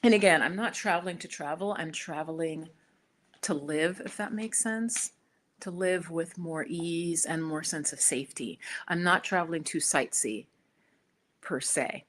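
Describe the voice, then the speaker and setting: Low-voiced chatty American woman. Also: unhurried, fairly bright tone, slight background noise. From United States. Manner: chatty, rambling, many restarts and fillers. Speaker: spiritual YouTuber. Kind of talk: casual livestream chat.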